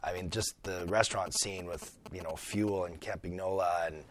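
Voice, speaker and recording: A chef from British Columbia talks easily as a radio studio guest, his voice sitting fairly low. He is friendly and relaxed, often pausing on small fillers as he thinks. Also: a little hiss or hum. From British Columbia, Canada. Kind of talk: casual radio interview.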